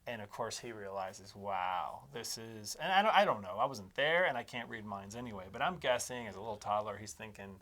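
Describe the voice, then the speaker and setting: A man co-hosting a parenting podcast, telling humorous stories in a rambling way that trails off quietly, recorded in a studio. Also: fairly low pitch, animated, a little fast, few pauses. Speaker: podcast co-host. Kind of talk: casual chat. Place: studio in Colorado.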